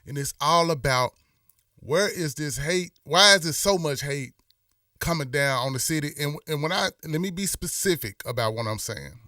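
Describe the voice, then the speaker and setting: A man's voice: fairly high pitch, expressive, normal speed, bright, forceful tone, no room sound, clean studio sound, recorded from a distance. A middle-aged man hosts a live stream, talking in a rambling, impassioned way with many restarts. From Memphis. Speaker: host. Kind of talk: casual live-stream talk.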